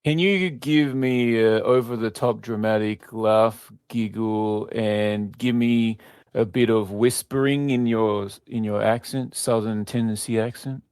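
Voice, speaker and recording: Halting man with a dry close sound. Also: fairly low pitch, fairly even intonation, a little mellow, smooth, no echo. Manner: hesitant, halting with fillers. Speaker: user testing a voice assistant. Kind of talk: casual chat.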